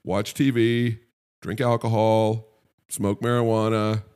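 A man's voice: on the low side, little pitch movement, takes it slowly, a little mellow, smooth. A middle-aged man co-hosting a podcast in casual chat, rambling and wry, often stopping and restarting mid-thought. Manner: rambling, self-interrupting, wry. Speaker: podcast co-host.

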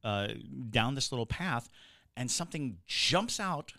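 A man's voice: mid-range voice, very animated, measured pace, pushed and bright, dry recording, clean studio sound. A man co-hosting a podcast, chatting casually and rambling with fillers and restarts as he tells stories. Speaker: podcast co-host.

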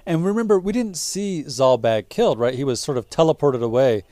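A man's voice: a little high, animated, a little fast, warm tone, dry recording. A man co-hosting a podcast, chatting casually and opinionatedly about a video game story with exasperated asides. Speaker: podcast co-host.

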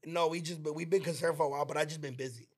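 A man co-hosting a podcast, telling a story in a casual, slangy and heartfelt way, acting out his friends' lines in quick quoted bursts. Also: on the high side, steady tone, a little mellow, husky. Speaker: podcast co-host.

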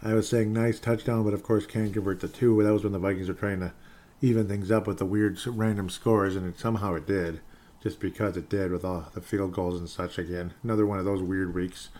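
A man's voice: sits low, steady tone, a little fast, dark tone. A man hosting a solo sports podcast, reading listener messages and launching into sarcastic rants, often repeating his own phrases. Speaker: podcast host.

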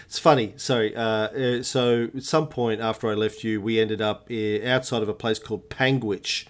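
A man, a podcast co-host telling a lively anecdote in casual chat, swearing freely. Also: on the low side, normal speed. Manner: animated storyteller, swears freely.

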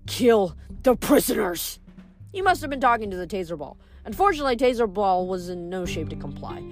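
A woman reading a novel aloud in steady storytelling narration. Her voice sits at a middle pitch for a woman, even and unhurried. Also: soft background music. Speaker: reader.

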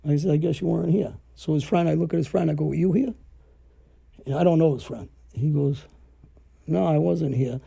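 A man's voice: a little high, fairly even intonation, brisk, gravelly, dark tone, breathy edge. A man telling stories casually, rambling and acting out the dialogue he quotes. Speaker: podcast storyteller. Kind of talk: casual storytelling.

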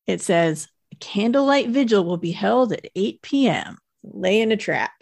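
Woman podcaster walking through the story, even and chatty. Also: mid-range voice, normal speed, gravelly. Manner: steady, detailed plot narration. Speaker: podcast co-host. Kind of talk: casual recap chat.

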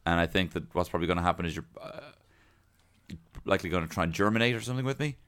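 A man's voice: low voice, animated, fairly bright tone, clear, resonant tone. A man doing a flustered Irishman. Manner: stammering, nervous and fast.

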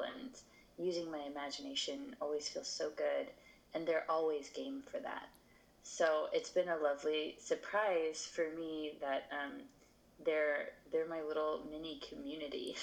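Woman, deep voice, gravelly fry, thoughtful, laughs easily, faint background noise. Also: low-quality recording. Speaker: actress, podcast guest. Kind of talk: podcast interview. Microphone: video call.

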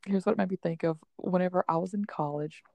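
A woman co-hosting a book podcast in casual chat, chatty and quick to laugh, with lots of fillers. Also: fairly low pitch, gravelly, a little mellow, dry recording. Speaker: podcast co-host.

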